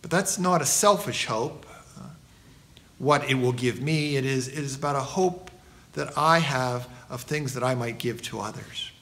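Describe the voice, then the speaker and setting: A middle-aged man, a pastor, preaching a sermon and telling stories with a lively delivery. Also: mid-range voice, moderate pace.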